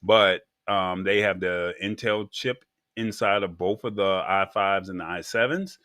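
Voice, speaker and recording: Deep-voiced man chatting about tech. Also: unhurried, fairly bright tone, no room sound, studio quality. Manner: rambling, with frequent ums and restarts. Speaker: co-host. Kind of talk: casual tech talk show chat.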